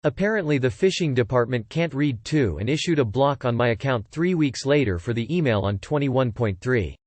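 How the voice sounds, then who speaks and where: A man narrating online posts aloud with an even, steady read-aloud delivery. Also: medium pitch, normal speed, dry recording.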